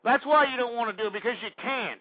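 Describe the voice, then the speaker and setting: High-pitched angry ranting man, lo-fi. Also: fast, no echo. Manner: angry ranting, shouting insults. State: out of breath, sweating. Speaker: radio talk show host. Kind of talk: ranting political commentary.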